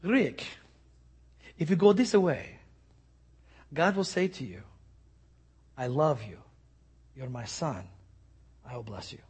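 A man voicing a gentle older male mentor with an Argentine accent, speaking softly and tenderly. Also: high-pitched, big pitch swings, slow pace, pauses often, husky, full character voice. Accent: Argentine Spanish.

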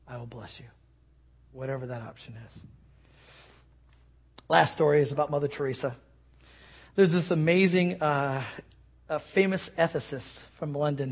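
A male pastor giving a sermon, telling stories earnestly and often dropping to a soft hush. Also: on the high side, slightly rough.

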